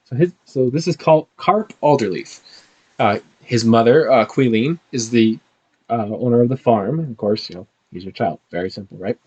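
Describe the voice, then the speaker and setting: A man narrating a tabletop game as game master, animated and halting. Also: mid-range voice, breathy edge, highs cut off.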